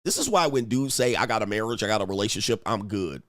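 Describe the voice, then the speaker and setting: Animated man reacting in casual commentary. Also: on the low side, fast, no echo, studio quality. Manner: animated, slangy, mocks others in put-on voices. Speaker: relationship commentary host.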